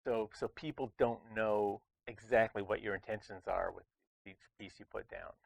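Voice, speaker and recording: A man's voice: fairly low pitch, moderate pace, creaky. A man hosting a casual board game review, talking in a chatty, rambling way with lots of restarts. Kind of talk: casual chat.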